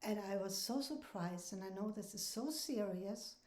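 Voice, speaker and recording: A woman's voice: medium pitch, normal speed, a little mellow. A woman, earnestly sharing a heartfelt personal faith testimony as an author. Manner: earnest and heartfelt, with laughs between thoughts. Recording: roomy echoey recording.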